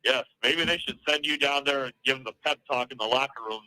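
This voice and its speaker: Calm male caller on a phone line. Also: mid-range voice, fast talker, no echo. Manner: calm, easygoing, hesitant with fillers. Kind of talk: phone-in chat.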